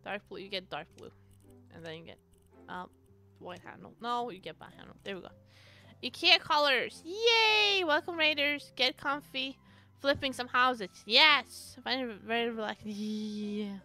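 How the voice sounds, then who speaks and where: A woman live streaming a game, chatting casually, excitable and swearing often as she greets and answers her chat. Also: a little high, a little slow, soft background music.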